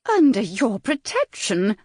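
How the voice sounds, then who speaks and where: A woman voicing a hysterical, shrill middle-aged noblewoman in a period audiobook, her delivery wailing and indignant. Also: huge pitch swings, measured pace, a little mellow, no room sound, clean studio sound, heavily acted. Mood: scandalized.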